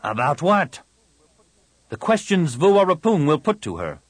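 A man's voice: on the high side, sing-song, a little slow, slightly rough, no room sound, pitched above the performer's own voice, full character voice. A man voicing an earnest young Jedi hero in an audiobook. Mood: determined.

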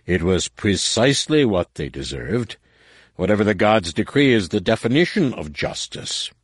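A man voicing a stern, menacing alien male war master with a rasping, growling delivery. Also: on the low side, sing-song, normal speed, dry recording, studio quality, pitched above the performer's own voice. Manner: curt, threatening.

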